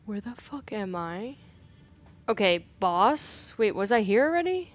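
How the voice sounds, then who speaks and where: A woman's voice: medium pitch, unhurried, dull audio, slight background noise. A young woman doing let's play commentary. She swears freely, repeats phrases and talks back to the game. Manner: animated reactions, repeats phrases. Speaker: gaming YouTuber.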